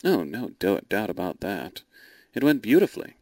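A man voicing a low, wily dragon. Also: big pitch swings, moderate pace, a little mellow, no room sound. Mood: dry, wary. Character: wily male dragon, dry and calculating.

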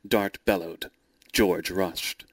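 Low-voiced man narrating a tale. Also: fairly even intonation, slow pace, husky, no echo. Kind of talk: storybook narration.

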